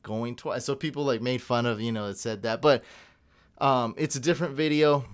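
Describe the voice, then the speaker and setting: Animated young man telling a story. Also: medium pitch, clean tone. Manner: animated storyteller, quick tangents and laughs. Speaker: podcast co-host. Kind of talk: casual chat.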